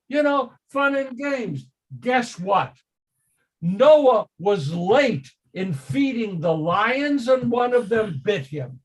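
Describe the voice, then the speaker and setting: An older man, a rabbi, teaching a casual Torah study class, slow and emphatic, often quizzing his listeners with questions. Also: very high voice, breathy edge.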